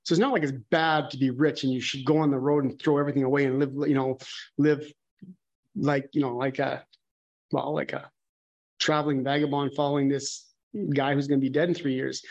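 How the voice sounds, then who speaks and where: A man's voice: medium pitch, flat delivery, a little fast, highs cut off. A man preaching a conversational sermon, candid and musing, thinking aloud and often restarting his sentences.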